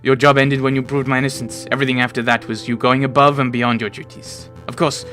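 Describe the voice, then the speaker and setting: A man's voice: medium pitch, level tone, quick pace, bright, forceful tone, faint music behind, close to an everyday voice. A man voicing a sly male fox private investigator in a visual novel, speaking in a theatrical, mock-formal way.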